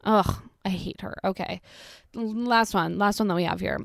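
Woman, young adult, sarcastic, exasperated, swearing, middle pitch, dry sound. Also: steady tone, moderate pace, gravelly, dry recording. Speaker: commentary vlogger. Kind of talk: profane reaction rant.

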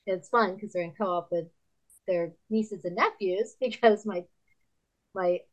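A woman in her fifties, an author appearing as a podcast guest, tells candid stories in a lively conversational way at a measured pace. She laughs often and acts out other people's lines in a higher voice. The recording is rough.

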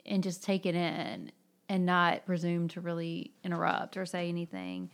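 A woman's voice: fairly low pitch, big pitch swings, normal speed, vocal fry. A woman in a casual book discussion, explaining her views thoughtfully and often saying "like". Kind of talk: casual chat.

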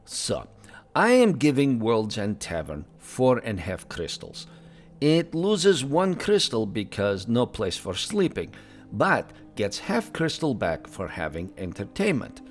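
A man's voice: medium pitch, wildly swooping pitch, slow pace, faint music behind. Man doing a broken-English Draenei husband. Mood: plain. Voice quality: broken English, drops articles. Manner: plain, matter-of-fact, teasing. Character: married middle-aged male Draenei traveler, earnest. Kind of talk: in-character tavern review podcast.

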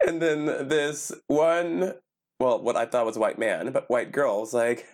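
A man's voice: medium pitch, a little slow. A man co-hosting a podcast, telling a story in casual chat and laughing often. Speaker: podcast co-host.

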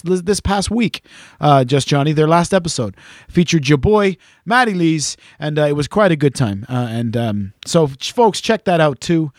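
A man's voice: a little high, dry recording, studio quality. A man hosting a podcast in casual chat, rambling, joking and swearing freely. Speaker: podcast host.

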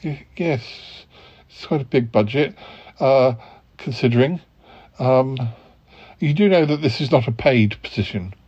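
Brief: male podcast host, mid-pitched, dithering and polite, slightly dull lo-fi sound. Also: measured pace, long pauses, darkish tone, husky. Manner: hesitant and polite, full of ums and stammered restarts. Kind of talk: improvised comedy sketch.

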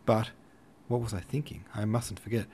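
A man's voice: fairly low pitch, fairly even intonation, moderate pace, darkish tone, slight background noise, lightly acted. A man reading as a drowsy young hussar officer. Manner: dreamy, rambling half-asleep musings.

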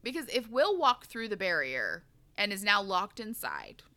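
A woman's voice: mid-range voice, wildly swooping pitch, normal speed, sharp tone. A woman casually recapping a novel with friends, laughing often and reading quotes dramatically. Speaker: book podcast host. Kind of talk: casual chat recapping a book.

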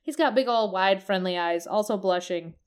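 A woman's voice: mid-range voice, normal speed. A woman in casual conversation, describing game characters at length, often searching for words and swearing now and then. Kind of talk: casual chat about a video game.

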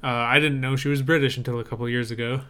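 Podcast co-host, male; bright, crisp voice; easygoing and opinionated. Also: mid-range voice, fairly even intonation, fast. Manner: opinionated, easygoing, with frequent fillers. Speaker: podcast co-host reviewing movie trailers. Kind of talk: casual chat.

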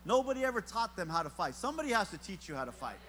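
A man's voice: high voice, sing-song, rapid-fire, sharp tone, a little hiss or hum. A middle-aged man preaching a sermon in a church, telling a story with humor and talking straight to the congregation. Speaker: pastor. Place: church sanctuary. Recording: long hall reverb.

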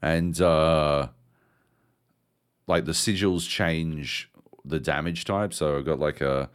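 A man's voice: a bass voice, takes it slowly, smooth. A man co-hosting a video game podcast, chatting casually and telling stories with plenty of swearing. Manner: profane, animated storytelling. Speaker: podcast co-host. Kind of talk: casual chat about video games.

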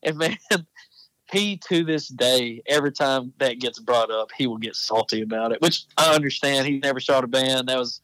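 A man's voice: mid-range voice, normal speed, a bit bright, no echo, low-quality recording. A man telling hunting stories in casual podcast chat, rambling and correcting himself as he goes. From Texas. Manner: rambling, self-correcting storyteller. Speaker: podcast guest, apparel company founder.

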